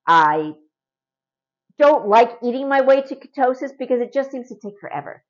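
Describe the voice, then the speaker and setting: A woman's voice: on the high side, expressive, normal speed, muffled recording. A middle-aged woman from Canada talking casually and earnestly to camera in a home vlog, often adding a rhetorical "right?". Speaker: vlogger.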